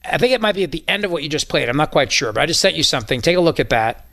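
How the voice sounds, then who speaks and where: A man's voice: a little high, lively intonation, racing, creaky, sharp tone, no room sound. A man hosting a talk radio show, mocking and incredulous in playful banter with his co-hosts.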